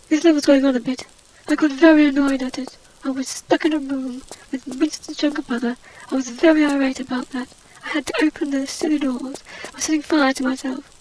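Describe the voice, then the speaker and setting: A woman's voice: sits high, darkish tone, slight background noise, lightly acted, rough recording. A woman voicing a haughty, out-of-work adventurer heroine, rambling snobbish gossip over gameplay commentary.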